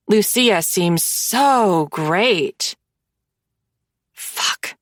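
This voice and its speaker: A woman narrating a first-person romance audiobook in an expressive, wry manner on a close microphone. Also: medium pitch, creaky, no echo.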